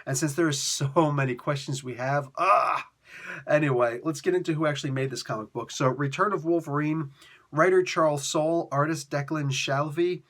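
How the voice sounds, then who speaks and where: A man's voice: fairly high pitch, a bit bright. A man giving a casual, rambling comic book review, full of fillers, restarts and exasperated asides.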